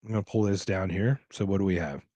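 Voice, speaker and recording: A man's voice: deep voice, fairly even intonation, fast talker, warm tone, no echo. A man hosting a casual podcast livestream, reading chat questions aloud and rambling with jokes and restarts. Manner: rambling, joking, with restarts and movie impressions. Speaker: podcast host.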